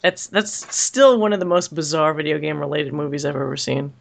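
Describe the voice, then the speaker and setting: A man's voice: fairly high pitch, a little fast, gravelly. A man co-hosting a podcast in casual chat, rambling and laughing often as he talks. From United States. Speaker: podcast co-host.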